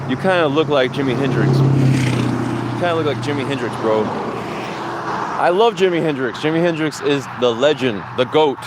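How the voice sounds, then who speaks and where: A man's voice: medium pitch, noisy background. Rambling, profane man walking outdoors. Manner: rambling, profane, laughs often. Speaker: podcast host. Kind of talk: casual chat while walking outdoors.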